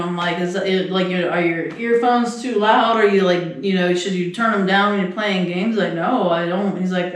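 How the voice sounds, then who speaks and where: Middle-aged woman rambling thru a story, laughs a lot, sounds far off in a real echoey room. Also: mid-range voice. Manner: rambling storyteller, laughs often, acts out quotes. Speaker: podcast co-host. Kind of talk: casual chat.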